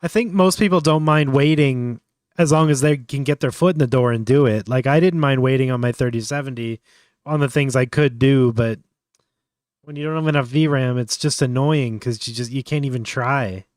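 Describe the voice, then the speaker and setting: A man's voice: medium pitch, moderate pace, a little mellow, no echo. Offhand man thinking aloud, dry sound. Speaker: livestream host. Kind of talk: casual live tutorial commentary.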